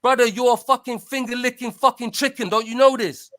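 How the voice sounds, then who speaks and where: A man with an unusually high, bright, cutting voice. He hurls repetitive insults, talking over the other speaker, and the sound is dry with no room echo. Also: fairly even intonation, brisk. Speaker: panelist in a livestream roast. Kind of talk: heated trash talk.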